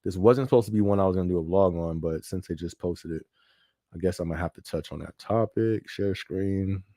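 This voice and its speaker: A man's voice: low-pitched, brisk, warm tone, no room sound, studio quality. A man hosting a casual live-stream podcast, talking loosely and often checking in with "you know what I mean.". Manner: conversational, repeats phrases, frequent "you know what I mean". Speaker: podcast host.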